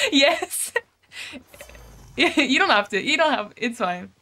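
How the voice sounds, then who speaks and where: A woman's voice: high-pitched, big pitch swings, slow, sharp tone. Giggly, chatty young woman streamer. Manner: bubbly, giggly, chatty with chat and friends, swears casually. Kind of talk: casual live-stream chat while gaming.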